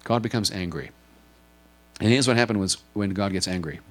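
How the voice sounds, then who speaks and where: Earnest low-voiced male preacher. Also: brisk. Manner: earnest, questioning the congregation directly; explains with a drawn board, asks if listeners follow. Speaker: pastor. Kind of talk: sermon.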